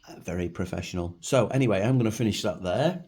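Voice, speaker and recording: A man's voice: on the low side, quick pace, a little mellow, slight background noise. A middle-aged man with a Manchester accent, chatting and rambling casually as he reviews food at home for his vlog. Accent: Manchester English. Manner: rambling, chatty, self-deprecating. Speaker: food vlogger. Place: home, at a table.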